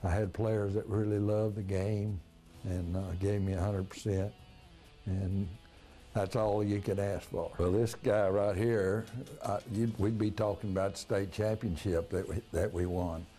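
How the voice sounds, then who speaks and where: Older coach, low mellow voice. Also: male voice, fairly even intonation, measured pace, soft background music. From Texas. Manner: folksy storyteller, frequent "uh" and restarts. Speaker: retired high school basketball coach. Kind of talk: casual reminiscing interview.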